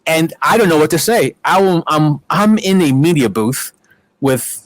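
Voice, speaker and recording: A middle-aged man, a guest in a casual interview, telling animated stories with plenty of fillers and acted-out quotes. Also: fairly high pitch, moderate pace, no echo. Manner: animated anecdotes with many fillers and quoted voices. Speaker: guest, wrestling promoter.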